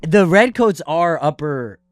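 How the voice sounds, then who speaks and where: A young man co-hosting a comedy podcast, telling a story in an animated way and acting out the people in it. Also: fairly high pitch, slow, dry recording, clean studio sound, soft background music. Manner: animated storyteller, acts out voices in anecdotes. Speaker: podcast co-host. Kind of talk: casual comedic chat.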